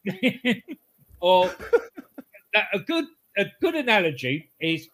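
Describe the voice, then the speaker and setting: A man with a slightly raised voice co-hosts a relaxed podcast chat. He winds through rambling anecdotes with restarts and chuckles at his own punchlines. His tone stays easygoing and conversational. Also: high-pitched, slow. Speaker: podcast co-host. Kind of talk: casual wrestling podcast chat.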